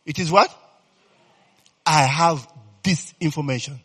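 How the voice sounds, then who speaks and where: A man preaching a sermon in a lively, animated way, often checking in with his listeners by asking if they understand. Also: on the high side, slow, slightly rough, in a large hall. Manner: animated, repeatedly asks "you understand, eh?".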